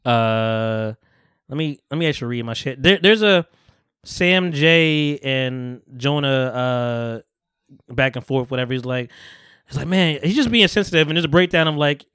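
A man's voice: mid-range voice, moderate pace, a bit bright, clean tone, no room sound. A man hosting a podcast, casually retelling film scenes and acting out the quotes with lots of laughter. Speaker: podcast host. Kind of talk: casual chat.

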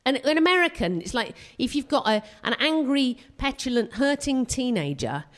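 A woman doing a live stand-up set on a theatre stage, self-mocking and excitable, tripping over her own restarts. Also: sits high, moderate pace. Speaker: stand-up comedian.

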